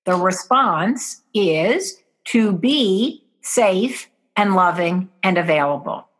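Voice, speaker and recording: A woman's voice: medium pitch, expressive, slow pace. A woman guest in an interview, earnestly explaining parenting steps and acting out what parents and children say.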